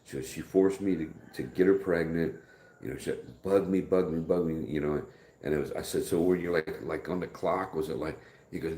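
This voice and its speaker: The rumbling low voice of a middle-aged American live streamer comes through fairly quick and a little mellow, with room echo. He chats casually, rambling through stories and voicing quoted dialogue.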